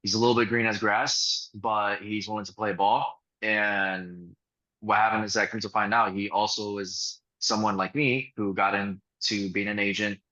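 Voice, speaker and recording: A man's voice: lowish voice, steady tone, normal speed, pushed and bright, muffled recording. A man who works as a real estate closer, telling profane, swaggering stories on a casual group video call and acting out the people in them.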